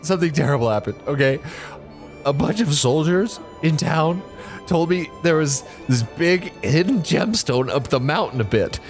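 A man voicing a tearful, naive young male dwarf sandwich maker in a tabletop game, raising his voice high and pleading. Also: expressive, moderate pace, faint music behind. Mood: distraught. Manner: sobbing, pleading, high and wobbly.

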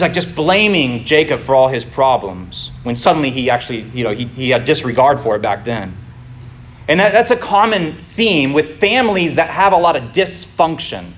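A man's voice: a little high, a bit bright. A man leading a conversational Bible study, often asking the listeners rhetorical questions and talking informally. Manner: informal, with fillers and restarts.

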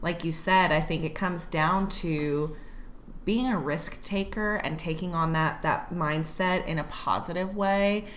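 A woman's voice: lowish voice, steady tone, measured pace, a little hiss or hum. A young adult woman, a fourth grade teacher, chatting casually with a co-host, laughing easily and acting out quotes. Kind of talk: casual chat.

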